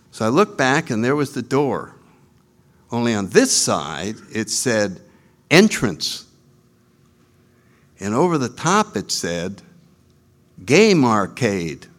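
A man telling a humorous spiritual story, animated and acting out the voices of his characters. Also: a little high.

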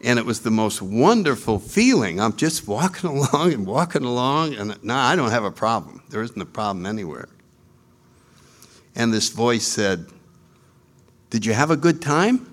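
A man telling a humorous spiritual story, animated and acting out the voices of his characters. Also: medium pitch, normal speed.

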